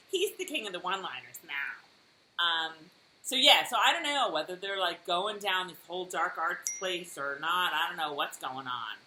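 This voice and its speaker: A woman co-hosting a casual TV recap podcast, talking in an animated way and acting out characters' lines with laughter. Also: on the low side, measured pace. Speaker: podcast co-host. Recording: roomy echo, faint noise.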